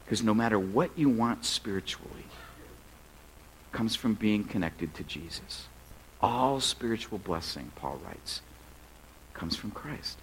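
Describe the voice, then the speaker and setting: A middle-aged man preaching as a pastor, telling funny stories in a relaxed, conversational way. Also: lowish voice, measured pace, long pauses, a little hiss or hum, poor audio. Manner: conversational, humorous storytelling. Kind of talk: sermon.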